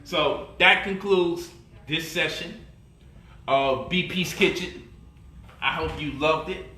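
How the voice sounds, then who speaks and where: A man's voice: a little high, takes it slowly, sharp tone, slight background noise. A man hosting a casual home cooking vlog in his kitchen, playful and teasing as he coos at his baby daughter. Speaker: cooking show host.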